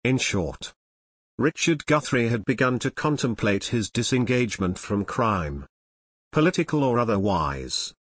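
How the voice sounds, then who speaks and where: Male narrator for a true-crime book: measured and expressive, with a lively rise and fall, recorded dry. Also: mid-range voice, slightly rough, no room sound.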